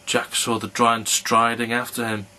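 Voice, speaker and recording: A man reading a fairy tale aloud as a storyteller, in an unhurried read-aloud manner. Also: mid-range voice, level tone, sharp tone, low-quality recording.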